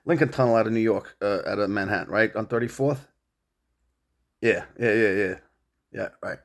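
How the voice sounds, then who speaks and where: Gravelly, profane middle-aged man ranting. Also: fairly low pitch, normal speed. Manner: profane, confrontational, addressing an absent rival. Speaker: vlogger. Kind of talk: rambling monologue.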